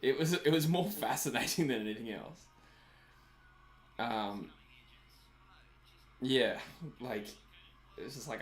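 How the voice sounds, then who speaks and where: A man's voice: mid-range voice, slow pace, long pauses. An Australian man hosting a live stream, chatting casually while watching a match, laughing often and answering viewers' comments. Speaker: livestream host.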